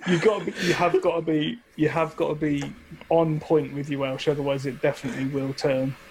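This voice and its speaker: A man's voice: a little high, flat delivery, fairly quick, darkish tone, a little hiss or hum. A man hosting a casual podcast with friends, teasing and laughing often. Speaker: podcast host. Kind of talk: casual chat among friends.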